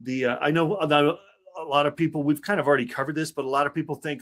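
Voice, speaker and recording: A chatty man hosting a casual interview show. His voice runs a little high, and he laughs easily and wanders off into long anecdotes. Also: fairly even intonation, fast, a bit bright. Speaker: podcast host.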